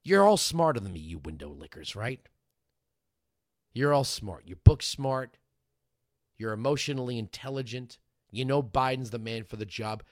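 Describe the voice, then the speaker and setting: A man's voice: medium pitch, animated, normal speed, dry recording, clean studio sound. A man hosting a talk radio show, delivering a sarcastic, mocking, combative monologue.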